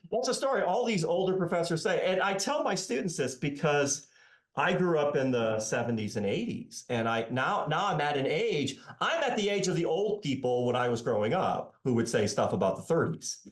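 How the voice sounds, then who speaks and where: A man in his fifties with a slightly high voice that swings widely in pitch as he talks. He is a sarcastic professor giving an interview over a call, and the recording has a noticeable room echo. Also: normal speed. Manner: animated and sarcastic, voicing his critics mockingly. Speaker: economics professor and author, guest. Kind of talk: conversational podcast interview.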